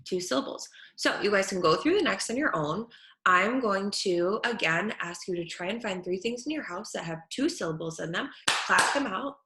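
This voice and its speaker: A woman speech therapist teaching children at home, saying each word slowly and clearly. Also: mid-range voice, animated, pushed and bright. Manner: slow, clear over-articulation of words. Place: her home kitchen. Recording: echoey room.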